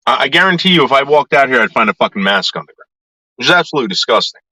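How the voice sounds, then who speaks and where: A man's voice: mid-range voice, animated, very fast, sharp tone, no room sound, rough recording. A man ranting to his viewers in a vlog, swearing often and talking in an agitated way. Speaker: YouTuber.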